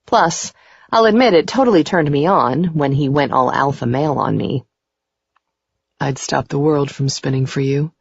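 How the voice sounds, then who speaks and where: A woman narrating a first-person romance audiobook in a steady, unhurried reading voice. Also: low voice, husky, no room sound. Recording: dry, dull muffled recording.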